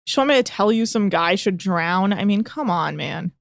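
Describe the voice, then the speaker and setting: A woman talks through a reality show recap in a loose, sarcastic podcast chat. She leans on filler words and quick asides. The sound is dry and close. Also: mid-range voice, expressive, vocal fry, no room sound. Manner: chatty, sarcastic, lots of "like". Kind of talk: casual chat.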